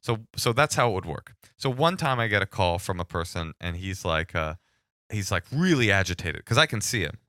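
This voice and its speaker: A man telling a long story in casual podcast chat, acting out the people in it with lively bursts. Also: deep voice, brisk, no room sound, studio quality. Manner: animated storyteller acting out both sides of calls. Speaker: podcast guest.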